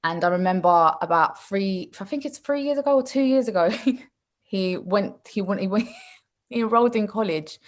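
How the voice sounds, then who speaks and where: A woman's voice: medium pitch, moderate pace. A woman guest in a casual interview, telling personal stories in a chatty way and laughing often. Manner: chatty storytelling with frequent laughs.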